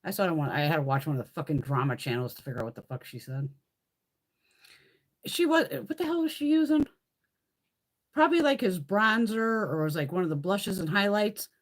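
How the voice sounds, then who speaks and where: A woman with a fairly low voice chats on a live makeup stream. Her pitch swings widely as she rants in a blunt, profane, gossiping way. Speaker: beauty livestream host. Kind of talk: casual chat during a live makeup swatch stream. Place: home, in Connecticut.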